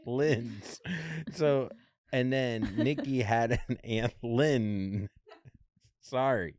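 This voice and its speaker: A man's voice: mid-range voice, extremely slow. A man co-hosting a podcast, telling a story in a casual, jokey way and acting out what people said. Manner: animated, jokey, acts out quotes in other voices. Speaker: podcast co-host.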